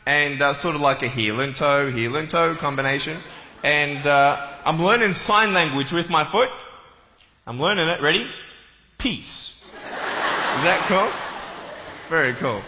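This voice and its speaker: A man's voice: a little high, pushed and bright, slight background noise. A man speaking to a live audience as a motivational speaker, telling playful stories and jokes. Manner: joking, playful storyteller. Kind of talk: comic talk to a live audience. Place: large hall with an audience. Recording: echoey hall with long reverb.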